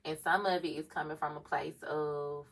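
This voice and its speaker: Low-voiced woman co-host, reflective, laughs easily, slightly distant mic. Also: steady tone, normal speed. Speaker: podcast co-host. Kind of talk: casual chat.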